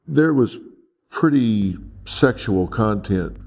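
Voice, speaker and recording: A man interviewing calmly, asking probing questions and repeating answers back. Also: lowish voice, measured pace, creaky, faint music behind.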